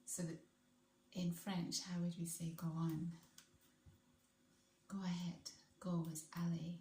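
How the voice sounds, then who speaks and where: Woman vlogger, lower-pitched and enthusiastic, loose casual chat, echoey room. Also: little pitch movement, slow, warm tone, slight background noise. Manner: chatty, enthusiastic, rambling with restarts.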